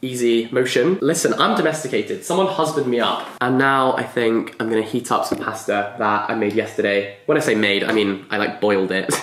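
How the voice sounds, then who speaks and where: Chatty young man in a roomy flat. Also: medium pitch, slight background noise. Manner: chatty, self-mocking, quick asides. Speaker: book vlogger. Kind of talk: casual vlog chat to camera. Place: his flat, indoors. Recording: roomy indoor echo.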